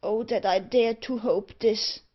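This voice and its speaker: A woman's voice: a little high, fairly even intonation, measured pace, lo-fi sound. A woman voicing a tormented young male captive in an audiobook, pleading and overwrought. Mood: anguished.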